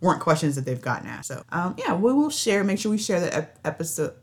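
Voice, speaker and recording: A woman's voice: lowish voice, sing-song, fast talker, a little mellow. A woman co-hosting a podcast in casual chat, talking loosely with lots of fillers and laughter. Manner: chatty, laughs often, trails off with fillers. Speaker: podcast co-host.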